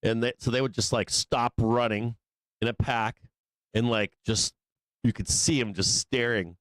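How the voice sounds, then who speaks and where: A man's voice: mid-range voice, fairly even intonation, unhurried, no room sound. A man hosting a live trading show, telling a long story in a casual, profane, rambling way, laughing often between lines. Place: studio office.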